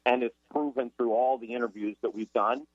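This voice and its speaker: A man, a guest author in a radio interview, talking in an emphatic, energetic motivational way. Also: medium pitch, brisk, no room sound. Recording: tinny phone line.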